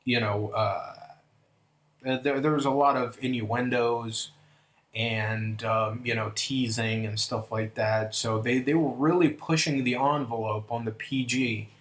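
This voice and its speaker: A man with a mid-range, fairly even voice reviews an old wrestling event at a measured pace. His casual video commentary is enthusiastic and full of fillers and restarts, recorded in an echoey room.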